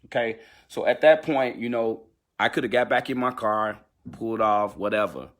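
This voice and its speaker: A man, a gospel singer, giving a candid personal account on a livestream, telling it with animated energy but stumbling through fillers and restarts. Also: fairly low pitch, normal speed.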